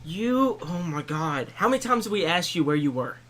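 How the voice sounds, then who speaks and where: A man with a fairly high voice chatting casually on a podcast with his friends. He sounds exasperated and teasing and laughs often, pressing his friend for answers. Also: expressive, moderate pace, a bit bright. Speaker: podcast co-host. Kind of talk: casual chat among friends.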